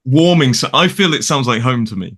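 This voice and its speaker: A talkative man with a mild Derbyshire accent rambles cheerfully through a casual chat. His voice is bright and forward, and he speaks over a video call. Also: medium pitch, a little fast. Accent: mild Derbyshire English. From Derbyshire, England. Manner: chatty, rambling, animated. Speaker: guest English teacher. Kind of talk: casual conversation.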